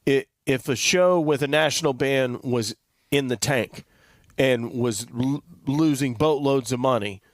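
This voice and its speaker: A man's voice: medium pitch, measured pace, dry recording, clean studio sound. A man hosting a podcast, chiming in with short remarks during casual chat. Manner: interjects short agreeing remarks. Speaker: podcast host. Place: podcast studio.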